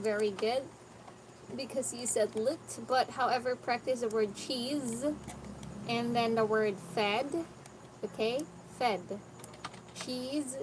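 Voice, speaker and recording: Woman, online English tutor; unhurried, patient and corrective; fairly high voice; noisy background. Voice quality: patient, corrective, repeats words slowly for the student. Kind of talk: online pronunciation lesson. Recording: noticeable background noise.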